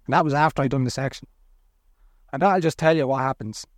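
A middle-aged Irish man speaks plainly and earnestly as a guest, his words blunt and everyday. His voice sits at an ordinary male pitch. It is recorded close and dry, with no room sound. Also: fast, no echo. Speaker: podcast guest. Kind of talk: candid personal storytelling.

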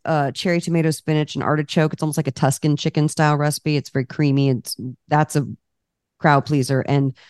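A woman with a low voice chats as a podcast guest, spinning lively stories and breaking into laughs. The sound is close and dry, with no room around her. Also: clear, resonant tone, no room sound. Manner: lively storyteller, laughs often, acts out dialogue. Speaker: podcast guest, cookbook author. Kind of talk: casual interview chat.

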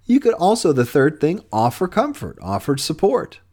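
A man's voice: a little high, huge pitch swings, normal speed, warm tone. A man hosting a podcast, giving relationship advice in an earnest, conversational way with frequent restarts. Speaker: podcast host.

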